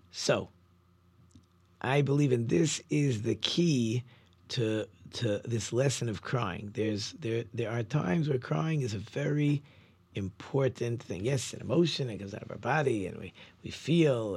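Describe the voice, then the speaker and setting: A man, a rabbi, giving a Torah lesson in a lively teaching manner, asking rhetorical questions and often restarting his phrases. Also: mid-range voice, breathy edge.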